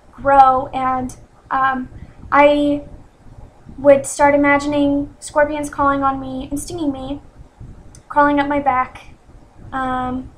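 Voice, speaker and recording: A woman in her twenties telling a personal story in an earnest, self-critical way, with many pauses and restarts. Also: high-pitched, a little hiss or hum, poor audio. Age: 20s. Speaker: vlogger. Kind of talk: personal confessional vlog.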